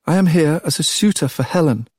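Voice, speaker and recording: A man putting on a high, scratchy little boy. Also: lively intonation, fairly quick, darkish tone, husky, no echo, studio quality. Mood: hesitant. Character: nervous nine-year-old boy suitor.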